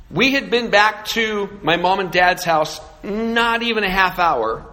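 His voice pushed, bright and high with lively intonation, a middle-aged pastor from California tells a sermon story unhurriedly and barely pauses. He's flippant, sarcastic and self-mocking, and the sanctuary's hall reverb echoes around him.

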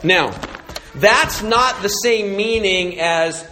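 Bright-voiced pastor preaching in a reverberant church. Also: male voice, high voice, measured pace, soft background music. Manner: animated preaching with jokes and asides to the congregation. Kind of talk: sermon.

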